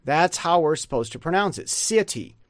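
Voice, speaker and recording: A man giving a casual pronunciation lesson, rambling and sounding out words slowly. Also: a little high, very animated, no echo, studio quality. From United States. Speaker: pronunciation teacher.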